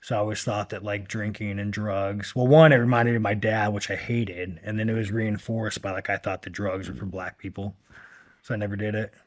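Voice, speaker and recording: A man's voice: lowish voice, steady tone, fairly quick. A man in his thirties, a podcast guest talking bluntly and profanely in a rambling, filler-filled way. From United States. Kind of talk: casual long-form interview talk.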